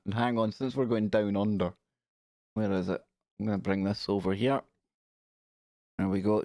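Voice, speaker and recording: A man's voice: fairly low pitch, darkish tone, dry recording, studio quality. A man hosting a casual live stream, chatty and jokey, giggling as he reads out news. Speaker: radio show host.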